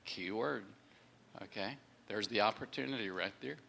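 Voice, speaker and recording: A man's voice: lowish voice, normal speed, gravelly, sharp tone. Rambling middle-aged man telling a faith story. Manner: rambling, repeats words, acts out quoted people. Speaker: storyteller sharing a faith testimony. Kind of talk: casual spoken testimony.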